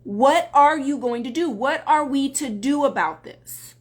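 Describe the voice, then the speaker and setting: A woman's voice: high-pitched, unhurried. A woman dating coach talking on a live stream, earnest and emphatic, greeting viewers as they join.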